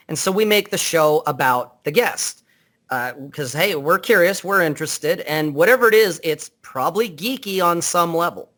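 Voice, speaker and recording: A man's voice: fairly high pitch, lively intonation, normal speed, a bit bright. A man speaking as a podcast guest over a Skype call, in a blunt, unfiltered, rambling way with many restarts. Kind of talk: casual interview chat.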